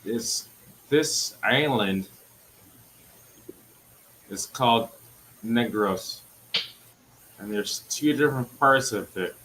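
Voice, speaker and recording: A young man with a Filipino accent, swearing and quick to anger on a live stream call. His voice sits mid-pitch and jumps into loud shouts. A faint hiss runs under the line. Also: rough recording. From Philippines. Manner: angry, swearing, shouting in bursts.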